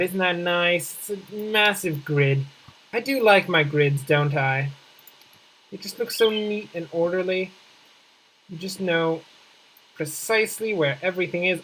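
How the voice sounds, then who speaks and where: A man's voice: on the high side, fairly bright tone, poor audio. A man giving casual let's-play commentary while building a city, chatty and wry, mocking himself and thinking aloud as he plays. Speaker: gameplay commentator.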